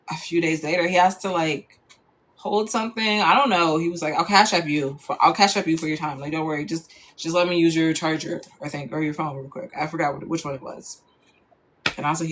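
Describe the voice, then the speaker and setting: A woman's voice: sits low, fairly quick, slight background noise. A young woman telling a personal story in a casual, chatty way, full of fillers.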